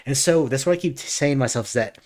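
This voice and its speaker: A man's voice: mid-range voice, quick pace. A man streaming a reaction, talking casually in an earnest, rambling way with frequent restarts.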